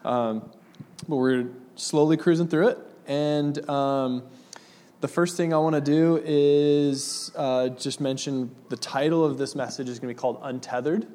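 A relaxed pastor talks his congregation through a sermon in an easygoing, conversational way, laughing along with them before reading scripture aloud. His voice is warm and mellow, and it rings out with a long reverb in a large hall. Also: a little high, measured pace. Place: church hall with audience.

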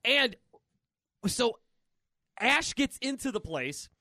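High-voiced man retelling a comic. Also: slow pace, no echo, studio quality. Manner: excited rambling retelling with many fillers. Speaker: podcast co-host. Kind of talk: casual comic book chat.

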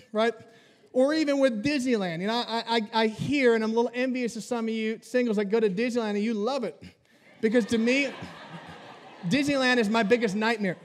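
A man preaching a sermon as pastor, mixing humorous family stories with teaching and acting out bits of dialogue. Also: extremely high pitch.

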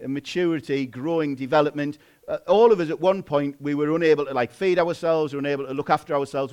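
A man in his thirties preaching a sermon in a relaxed, chatty way, self-deprecating and full of fillers. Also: a little high.

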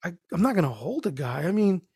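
A man's voice: high voice, fast, breathy edge, no echo, clean studio sound. A man telling a work story in casual chat, cursing freely and acting out the people in it. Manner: animated, profane, acts out voices. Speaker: guest storyteller.

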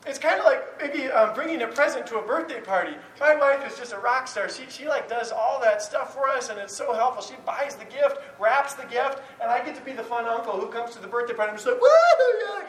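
A very high, fairly bright male voice rushes through a sermon on prayer with hardly any pauses. The talk is candid, rambling and full of restarts, and the audio is roomy and distant with faint background noise.

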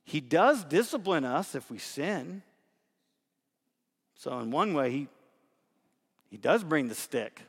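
This pastor's husky, fairly high voice swings widely in pitch as he preaches at a measured pace with frequent pauses. He shifts from quiet asides to emphatic repetition, and the sanctuary's acoustics echo.

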